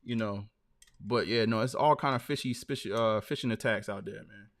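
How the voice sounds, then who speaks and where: A man's voice: fairly low pitch, normal speed. A man hosting a live stream, telling stories loosely and dropping "man" and "like" between phrases. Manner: loose, storytelling, lots of fillers like "man". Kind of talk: casual live-stream chat.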